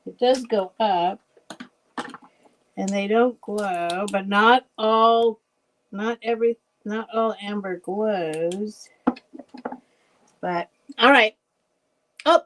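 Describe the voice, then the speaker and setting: A woman hosting a casual live vintage sale, chatty and rambling, laughing often and thinking out loud. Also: on the high side, low-quality recording. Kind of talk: casual live selling chat.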